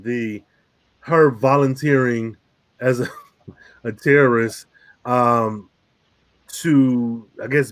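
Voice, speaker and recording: A man hosting a casual review podcast, talking animatedly, laughing often and swearing casually. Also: mid-range voice. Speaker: podcast host.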